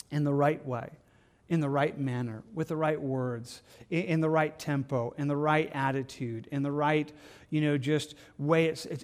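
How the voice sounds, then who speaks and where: Earnest man teaching scripture, higher-pitched. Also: a little mellow. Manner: earnest, conversational, many restarts and repeated words. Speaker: pastor. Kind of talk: devotional Bible teaching.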